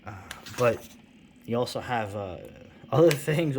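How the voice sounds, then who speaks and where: A man's voice: mid-range voice, animated, a little slow, long pauses, a little mellow, slight background noise. Rambling middle-aged man chatting about comics. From New York City. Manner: rambling, chuckling, full of fillers and asides. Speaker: comics video host. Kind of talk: casual rambling commentary.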